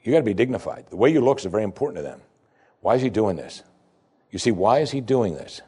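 A man preaching a sermon, explaining scripture with emphasis that rises sharply in pitch. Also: fast, slightly rough. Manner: animated preaching, voice climbing high for emphasis. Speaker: pastor.

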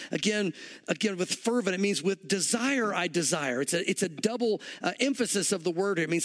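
A man with a notably high voice preaching from the pulpit. He teaches verse by verse, retelling the scene as a vivid, chatty story and leaning on "you know" as he goes. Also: expressive, a little fast. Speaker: pastor. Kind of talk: verse-by-verse sermon.

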